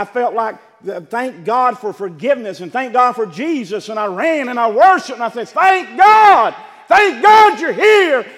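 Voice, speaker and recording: A man preaches with a strikingly high voice that rises and falls in lively swings. He drops low for quiet asides, then climbs into loud, shouted stretches. The sound rings with the long reverb of a church hall. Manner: builds from low talk to shouted preaching, acts out quotes. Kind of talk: sermon.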